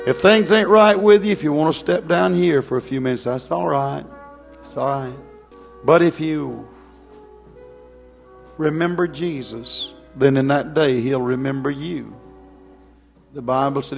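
A man preaching a fervent revival sermon in a gravelly, somewhat high voice, moving between ringing cries and near-whispered prayer. Soft music plays faintly behind him. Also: unhurried, long pauses. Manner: emotional, swings from loud cries to hushed prayer.

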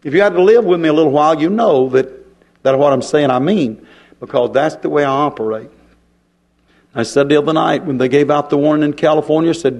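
Man, middle-aged, high voice, folksy, emphatic sermon. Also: a little fast, darkish tone. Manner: folksy, emphatic preaching with rhetorical questions. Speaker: preacher.

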